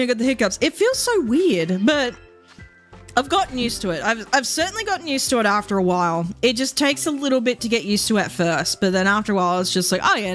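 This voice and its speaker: A young woman livestreaming a game, chatting casually and thinking out loud in a rambling, easygoing way. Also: medium pitch. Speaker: streamer. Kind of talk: casual gameplay chat while livestreaming.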